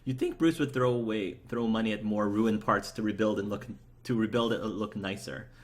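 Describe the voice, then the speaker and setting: A man's voice: fairly low pitch, fairly quick. A man chatting casually and enthusiastically while playing a video game and answering his chat, rambling with fillers. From United States. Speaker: let's play host. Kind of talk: casual gameplay commentary, reading chat aloud.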